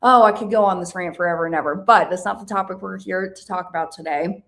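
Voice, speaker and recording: An American woman hosting an educational podcast, talking emphatically with rhetorical questions and drawn-out stressed words. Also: lowish voice, gravelly, fairly bright tone. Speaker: podcast host, financial educator.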